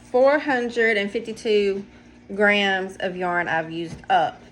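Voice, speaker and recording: Speaking slowly in a steady, mid-range voice that's a bit bright, a woman does casual show-and-tell on her knitting video podcast. She rambles and jokes at her own expense while showing her projects indoors at home, with slight background noise.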